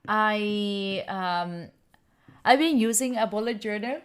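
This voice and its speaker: A woman's voice: medium pitch, slow, background noise. A young woman from Italy hosting a study livestream at home, chatting casually and giggling as she answers viewers' questions. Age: young adult. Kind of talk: casual chat with live viewers. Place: room at home.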